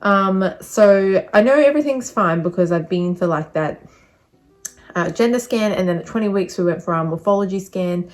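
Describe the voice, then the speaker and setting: A woman's voice: medium pitch, normal speed. A young woman giving a casual vlog update, chatty and rambling, a little out of breath. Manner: chatty, rambling with many fillers. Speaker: vlogger.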